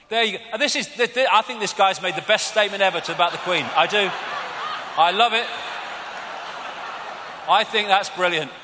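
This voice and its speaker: A British man giving a live arena talk, animated and mocking, often swearing. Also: high voice. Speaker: public speaker. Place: large arena. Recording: arena reverb with faint crowd.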